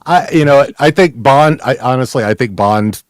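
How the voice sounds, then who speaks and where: A man's voice: mid-range voice, no room sound, studio quality. A man hosting a podcast in casual chat, full of fillers and restarts, often laughing. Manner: halting, many fillers and restarts. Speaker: podcast host.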